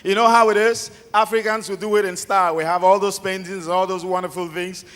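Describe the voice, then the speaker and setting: Nigerian guy doing stand-up at an awards show, kinda high voice, lively joke telling, big echoey hall. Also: fairly quick. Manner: animated storyteller, calls out to the crowd. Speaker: stand-up comedian. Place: large awards ceremony hall. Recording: long reverb of a large hall.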